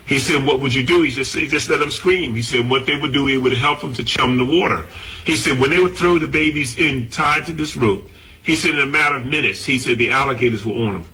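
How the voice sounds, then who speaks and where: A man's voice: mid-range voice, pushed and bright, low-quality recording. A man, a collector of artifacts, telling a long story and quoting another man's words along the way. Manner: recounts a conversation, quoting the other man.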